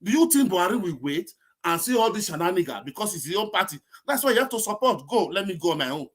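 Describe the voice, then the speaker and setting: A man with a Nigerian accent, talking excitedly and rambling on an online group call, slipping into pidgin. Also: high voice, fast talker, husky. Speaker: call-in participant. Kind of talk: casual online group discussion.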